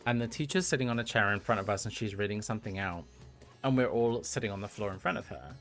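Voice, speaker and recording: A man's voice: on the low side, fast talker, creaky, fairly bright tone, faint music behind. A man in his thirties, a livestream host telling a story to his chat, talking casually and laughing often. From United Kingdom. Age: 30s.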